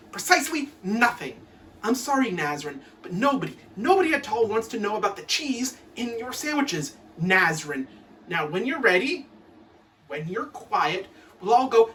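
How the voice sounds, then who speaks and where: Woman, comic poem recital, mock-stern, lively swinging pitch, faint background hiss. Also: a little slow, distant mic. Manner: mock-stern teacher's scolding, theatrical. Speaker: performer of a comic reenactment.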